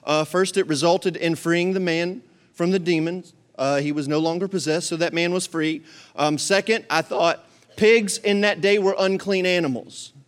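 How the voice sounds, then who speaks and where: Animated preacher man, high voice. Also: normal speed, smooth. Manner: animated, reads scripture aloud then explains in casual asides; jokes and talks to the congregation. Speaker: pastor. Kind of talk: sermon.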